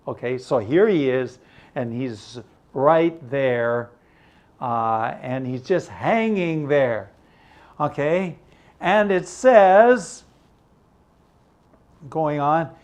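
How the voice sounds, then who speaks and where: A man's voice: a little high, lively intonation, very slow, long pauses. An older man teaching an English lesson, patiently explaining words and checking understanding.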